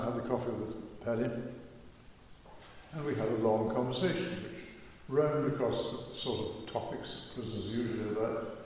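A man's voice: on the low side, a little mellow, a little hiss or hum. An older man telling a wry, self-mocking story as a speaker in a church. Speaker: speaker giving a testimony talk. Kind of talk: storytelling talk. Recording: echoey church hall.

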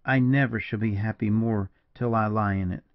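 A man's voice: on the low side, fairly even intonation, normal speed, no echo, lightly acted. A man voicing a frightened, tearful young woman in an audiobook, in an anguished, pleading manner. The recording is dull and lo-fi. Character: frightened young wife on the frontier, fragile, tearful.

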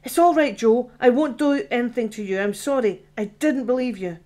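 A woman's voice: a little high, normal speed, dark tone, natural voice. A woman voicing a shocked, blunt woman engineer who exclaims and swears, in an audiobook.

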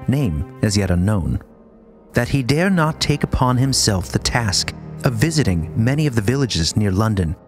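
A man, a podcast co-host, giving a measured, formal reading of a historical letter. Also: on the low side.

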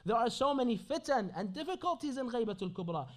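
A man with a notably high-pitched voice delivers a Ramadan lecture at an Islamic centre. He switches between recited Arabic sayings and English explanation. His talk is full of rhetorical questions put to the audience. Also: very animated, quick pace.

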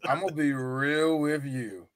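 A man's voice: fairly high pitch, a little slow, a crowd in the background. A man co-hosting a casual podcast, joking around and breaking into mocking voices. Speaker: podcast co-host. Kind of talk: casual chat.

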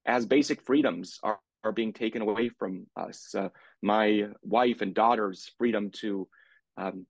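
A man with a fairly low voice speaks as a candidate over a video call. He talks haltingly, with frequent uhs, and his voice sounds dry and close. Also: no room sound. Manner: halting, many filler uhs. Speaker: congressional candidate. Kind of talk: candidate forum opening statement.

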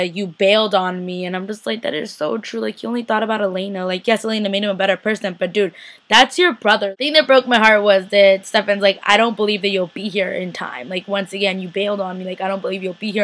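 A young woman vlogger recapping a TV episode in a casual, excitable way, filling her talk with "like" and "literally". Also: mid-range voice, fast talker. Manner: chatty, excitable, says "like" and "literally" a lot. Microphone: laptop webcam.

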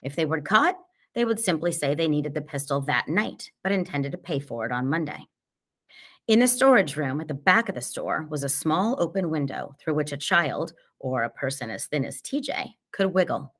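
A woman narrating a novel in the first person, with measured, hushed storytelling. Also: low voice. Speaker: audiobook narrator.

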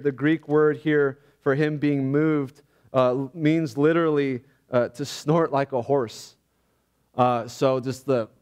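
A man's voice: mid-range voice, clean tone. Earnest man preaching a sermon. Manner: earnest, reflective, often halting. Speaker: pastor. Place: church.

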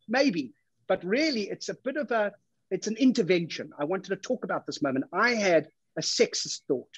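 A South African man hosting an awards gala with a deadpan, self-mocking stand-up routine that keeps building into exasperation. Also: high-pitched, breathy edge, no echo, lo-fi sound. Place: home studio for a virtual event.

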